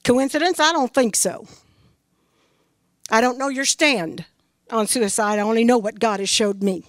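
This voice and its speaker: A woman's voice: fairly high pitch, normal speed, fairly bright tone, no echo, studio quality. A middle-aged woman from Missouri giving an earnest, emphatic spoken testimony about her faith as a grieving mother.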